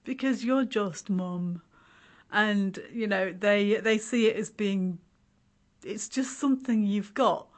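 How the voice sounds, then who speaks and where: A woman's voice: medium pitch, slow pace. A middle-aged woman talking casually and telling stories, laughing often and acting out what others said. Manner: chatty storyteller, laughs often, acts out quotes of others. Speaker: podcast host sharing her story. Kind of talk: casual chat.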